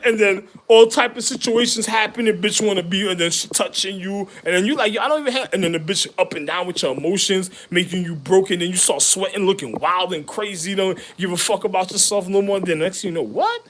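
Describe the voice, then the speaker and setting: A man in a rambling, profane monologue, full of street slang, jumping between loud laughing outbursts and low mutters. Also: a little fast, few pauses.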